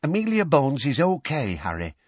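A man's voice: mid-range voice, wildly swooping pitch, moderate pace, husky, no room sound, pitched above the performer's own voice. A man voicing a tired young witch who yawns and stammers drowsily, in a dull lo-fi recording. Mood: earnest.

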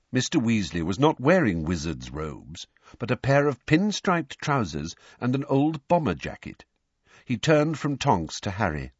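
Husky-voiced man reading a story. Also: fairly low pitch, measured pace, no echo. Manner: expressive storytelling with many character voices. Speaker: audiobook narrator. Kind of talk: scripted narration. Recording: dull lo-fi recording.

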